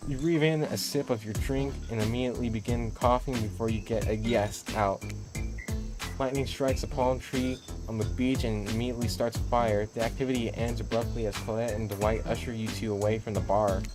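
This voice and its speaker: A man's voice: medium pitch, fairly even intonation, brisk. Playful man reading a game aloud. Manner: playful, joking, frequent self-corrections. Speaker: game streamer reading all parts. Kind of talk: casual game playthrough commentary. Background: music.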